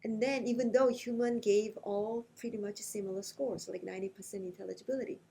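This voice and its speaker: A woman researcher speaking in a conversational interview, talking in animated quick bursts with frequent hesitations. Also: mid-range voice, vocal fry, slightly rough, low-quality recording. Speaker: invited lecturer being interviewed. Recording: faint background noise.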